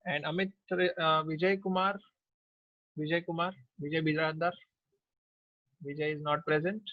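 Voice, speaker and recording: Brisk Indian teacher calling the roll. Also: male voice, on the high side, no echo, lo-fi sound. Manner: brisk, mixes English and Hindi. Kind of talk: taking class attendance.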